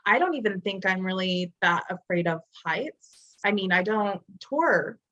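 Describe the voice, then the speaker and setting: A woman's voice: mid-range voice, animated, a little slow, bright, forceful tone, lo-fi sound. A young woman co-hosting a podcast in casual chat, talking loosely with lots of fillers. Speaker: podcast co-host.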